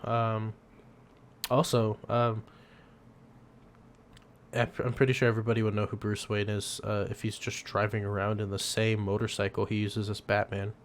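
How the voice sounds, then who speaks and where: A man's voice: lowish voice, level tone, moderate pace, long pauses, a little hiss or hum. A young man co-hosting a podcast, chatting casually, rambling with frequent laughs and the odd swear. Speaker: podcast co-host. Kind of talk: casual chat.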